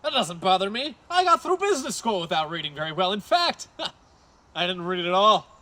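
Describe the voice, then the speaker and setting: A man's voice: high-pitched, big pitch swings, normal speed, bright, forceful tone, heavily acted. A man acting a pompous, petty corporate boss in a comedic audio drama. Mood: smug. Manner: pompous, ranting, theatrical. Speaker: company boss. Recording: music playing under the voice.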